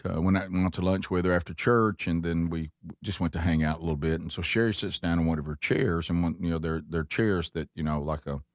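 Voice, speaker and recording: A very deep-voiced man tells a rambling, self-mocking story, circling back and restarting his sentences as he goes. His voice is recorded dry and close, with no room sound at all. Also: brisk, hardly any pauses, dry recording. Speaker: host. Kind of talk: casual chat, storytelling.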